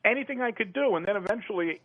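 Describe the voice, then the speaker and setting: A man's voice: high-pitched, animated, fast. A man calling in to a talk radio show, telling a rambling story in casual chat. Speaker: caller. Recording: phone-line sound.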